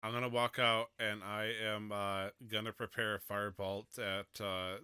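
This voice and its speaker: A man playing a tabletop role-playing game who talks in hesitant bursts and swears freely. His voice is very bright and smooth. The sound is dry and close. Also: fairly low pitch, level tone, moderate pace, no room sound. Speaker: player and podcast host. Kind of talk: casual tabletop play.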